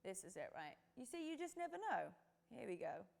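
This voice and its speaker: A British woman hosting a live-streamed fitness podcast, telling a story in a lively, animated way with many fillers. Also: fairly high pitch, a little fast, vocal fry. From Britain. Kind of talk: live-streamed motivational talk.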